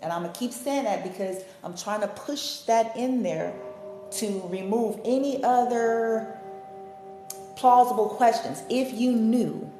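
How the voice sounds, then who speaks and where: A woman's voice: a little high, unhurried, warm tone, echoey room, faint music behind. A woman ranting to her viewers in a profane, sassy monologue, laughing often and throwing in mocking asides. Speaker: spiritual healer vlogger.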